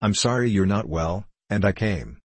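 A man's voice: lowish voice, animated, husky, dry recording. A man reading a blunt, proud recluse. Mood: flustered. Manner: blunt, hot and rapid. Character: proud reclusive young man, abrupt and earnest.

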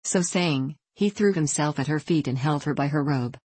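A narrator reading fairy tales aloud, measured and expressive. The voice sits at a middling pitch. The recording is dry and close, with no room sound. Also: husky, no room sound. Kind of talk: storybook reading.

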